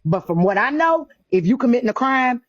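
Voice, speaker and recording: A woman's voice: fairly high pitch, very animated, a little fast, no room sound, dull audio. A woman talking emphatically in casual live-stream chat, repeating her points in colloquial slang over her phone.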